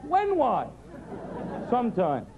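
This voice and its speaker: A man doing an observational stand-up routine, animated riffing with sing-song mimicry. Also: extremely high pitch, takes it slowly, creaky. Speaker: stand-up comedian. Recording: dull 90s TV recording with crowd noise. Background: audience.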